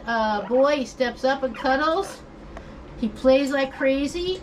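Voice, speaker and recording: An older woman who hosts her own channel, giving relaxed, folksy advice about parrots at home and chatting to her bird now and then. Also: high-pitched, background noise. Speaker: parrot owner and channel host. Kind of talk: casual advice talk. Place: indoors at home, by her bed.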